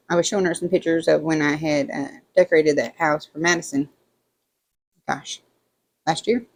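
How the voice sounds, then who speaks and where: A woman vlogger chatting casually while doing a craft at home, rambling through stories and acting out what others said. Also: low-pitched. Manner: rambling storytelling, animated quoting of others. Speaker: diamond painting vlogger.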